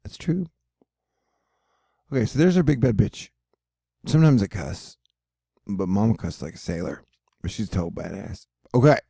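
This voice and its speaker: A man's voice: on the low side, animated, fairly quick, creaky, dark tone, slightly rough, no echo, clean studio sound. A man hosting his own video, rambling casually over weather maps, swearing and joking and losing his thread. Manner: rambling, profane, jokey, loses his train of thought. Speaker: weather and space video host.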